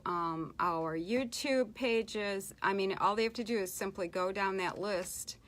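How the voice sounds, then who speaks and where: Middle-aged woman, team-leader trainer, casual and plainspoken, bright tone. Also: medium pitch. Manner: chatty, plainspoken, with frequent ums and asides. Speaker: network marketing team leader. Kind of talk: casual business training talk.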